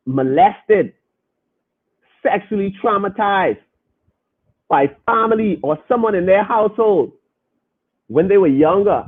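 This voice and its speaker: A man's voice: high-pitched, breathy edge, narrow, tinny audio. A man hosting a podcast, preaching emphatically and repeating his points as he reads comments from the chat.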